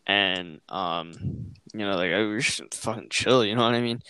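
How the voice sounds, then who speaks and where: A young man with a low voice tells a rambling story in casual chat. He swears constantly and talks in loose slang. The sound is close and dry, with no room in it. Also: normal speed, sharp tone, clean tone, no echo. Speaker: podcast host.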